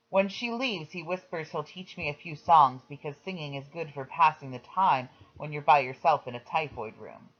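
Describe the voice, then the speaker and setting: A reader narrates a memoir audiobook at a middling pitch, in a plain storytelling manner. The recording sounds slightly dull and lo-fi. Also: normal speed, few pauses. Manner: plain storytelling, quoting voices.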